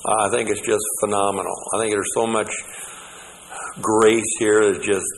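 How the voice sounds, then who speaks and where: A man's voice: on the low side, level tone, a little slow, long reverb tail, a little hiss or hum, rough recording. A man preaching a sermon, reading scripture aloud and adding plainspoken, folksy asides.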